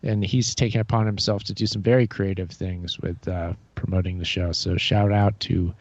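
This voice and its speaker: A man hosting a podcast in casual chat, hesitant, with fillers and quiet laughs. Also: deep voice, fairly even intonation, normal speed, no room sound, highs cut off. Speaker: podcast host.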